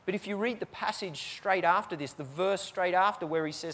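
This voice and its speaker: A man's voice: high-pitched, a little fast, fairly bright tone, in a large hall. A man preaching a sermon to his church, repeating key phrases for emphasis. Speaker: pastor.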